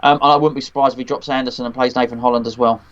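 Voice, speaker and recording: A man's voice: mid-range voice, steady tone, racing. Hesitant football-chat man, lo-fi. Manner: hesitant, full of restarts and ums. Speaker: co-host. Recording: dull lo-fi audio.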